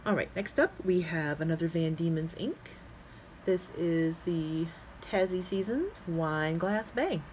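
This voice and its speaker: Chatty woman musing aloud, lowish voice. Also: animated, a little slow, a little hiss or hum. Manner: chatty, musing aloud, thinks out loud with frequent fillers; talks to herself while working with her hands. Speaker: fountain pen ink vlogger. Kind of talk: casual chat while swatching inks.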